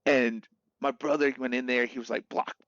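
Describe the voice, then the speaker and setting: Streaming live, a young man talks loosely about a video game and brings quotes to life by doing voices, an animated storyteller at heart. He has a medium-pitched voice at normal speed. The audio comes from a dull, dry, lo-fi mic.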